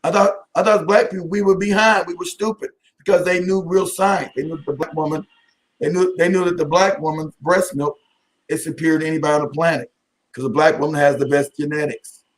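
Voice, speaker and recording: A man hosting a casual live stream, talking to viewers by name, animated and often laughing. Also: on the high side, brisk.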